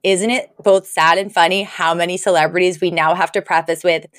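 A woman's voice: lowish voice, fairly even intonation, brisk, a bit bright, dry recording, studio quality. A woman co-hosting a podcast, chatting casually with lots of laughs and fillers as she recaps a sitcom episode. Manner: giggly, rambling, lots of fillers. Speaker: podcast co-host.

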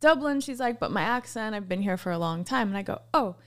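A woman co-hosting a podcast chats casually, telling stories and laughing often. She talks fast at a medium pitch.

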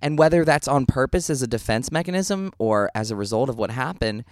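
A man's voice: medium pitch, animated, a little fast, no echo, studio quality. A man co-hosting a podcast in casual, earnest chat, reflective and sometimes playful. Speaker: podcast co-host.

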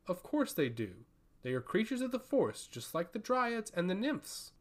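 A man's voice: high voice, big pitch swings. A man voicing a cold, menacing priestess. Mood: stern. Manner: cold, measured, sternly threatening. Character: haughty woman, a forest priestess, calm and menacing. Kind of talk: audiobook fantasy reading.

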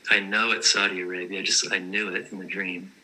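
A man with a fairly low voice that sounds very bright and forceful tells his personal stories casually. His delivery stays flat and even, earnest and matter-of-fact. He plays it straight throughout. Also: fairly quick, rough recording. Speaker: guest telling his vision stories.

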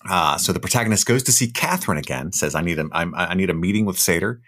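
A man's voice: low-pitched, animated, fast talker, fairly bright tone. A young man co-hosting a podcast, casually recapping a film scene by scene and tossing in joking voices for the characters. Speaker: podcast co-host.

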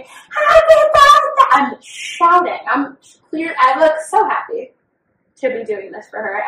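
A woman's voice: high-pitched, a bit bright. A young woman co-hosting a podcast, talking in a candid, profane, oversharing way about her own life. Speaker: podcast co-host. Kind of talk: candid casual chat. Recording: roomy sound from a distant mic.

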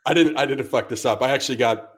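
A man's voice: mid-range voice, quick pace. A man on a podcast telling a long, profane story and acting out each person's lines. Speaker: podcast co-host. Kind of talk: casual storytelling.

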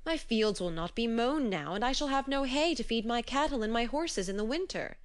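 A woman's voice: fairly high pitch, lively intonation, fairly quick, voice pushed up, lightly acted. A woman voicing a blustering male giant farmer in a storybook reading, her voice raised and urgent. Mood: fretful.

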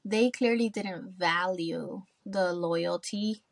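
A woman's voice: on the low side, takes it slowly, gravelly. Candid, freely swearing woman podcast host. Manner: candid, swears freely, tells stories with quoted asides. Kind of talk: casual chat.

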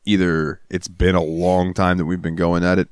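A man's voice: low-pitched, flat delivery, normal speed, clear, resonant tone, no echo, clean studio sound. A man co-hosting a podcast, chatting casually in a rambling, crude, laughing way. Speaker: podcast co-host. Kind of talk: casual chat.

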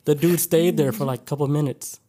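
A man's voice: fairly high pitch, fairly even intonation, fast, dark tone. Laid-back guy swearing through anecdotes. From Atlanta area. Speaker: podcast co-host. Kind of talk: casual podcast chat.

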